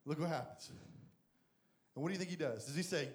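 A man preaching a lively sermon as a youth pastor, animated and jokey, acting out Bible characters as he goes. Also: on the high side, quick pace. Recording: echoey room.

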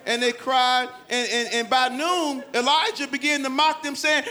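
A man preaching a sermon, swinging from loud, dramatic calls to quiet, low scripture reading. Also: fairly even intonation, normal speed, some chatter behind, a little hiss or hum.

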